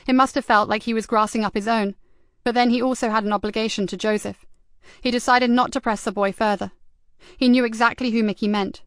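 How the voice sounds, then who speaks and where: A woman narrating an audiobook in an even, measured storytelling manner. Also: a little high, clean tone, no echo, clean studio sound. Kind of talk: scripted narration.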